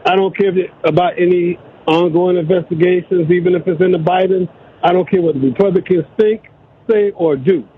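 A man's voice: sits high, fairly even intonation, brisk, a little hiss or hum. A man calling in to a radio show, speaking insistently with stammered restarts. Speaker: caller. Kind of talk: phone-in call. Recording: tinny phone line.

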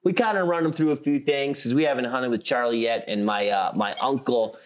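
A young man from South Dakota co-hosting a comedy podcast, rambling in a relaxed way and laughing often. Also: mid-range voice, fairly quick. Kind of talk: casual comedic chat.

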